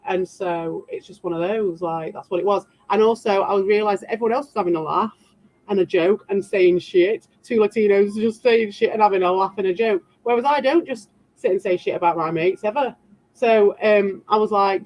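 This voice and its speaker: A woman's voice: mid-range voice, normal speed, darkish tone. Defensive, rambling British woman streamer. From Britain. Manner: defensive, rambling, sarcastic asides. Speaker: livestreamer answering chat. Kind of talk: casual livestream chat. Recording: dull lo-fi sound.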